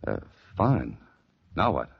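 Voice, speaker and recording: An actor playing a tough, wisecracking American adventurer with a dry, hard-boiled delivery, in 1940s radio acting. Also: male voice, rumbling low, sing-song, takes it slowly, creaky, breathy edge, exaggerated voice. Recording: muffled old radio recording with music.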